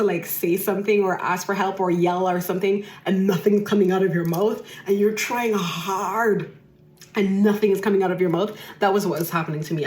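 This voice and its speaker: Expressive woman, roomy echo. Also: medium pitch. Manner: emphatic, repeats phrases for effect. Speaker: podcast host. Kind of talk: personal storytelling monologue.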